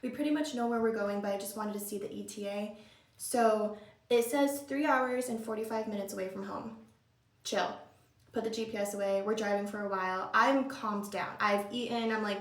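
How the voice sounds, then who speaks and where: A young woman vlogger telling a spooky story in a casual get-ready-with-me chat, animated and full of "like" fillers. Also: medium pitch, normal speed, far from the mic. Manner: animated, chatty, lots of "like" fillers. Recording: roomy echo, a bit off-mic.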